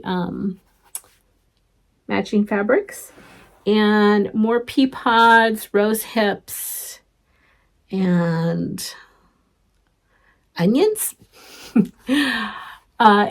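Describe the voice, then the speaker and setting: A woman's voice: medium pitch, vocal fry. A middle-aged woman hosting a casual show-and-tell craft vlog, chatty and rambling, with many ums and restarts. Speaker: flosstube host.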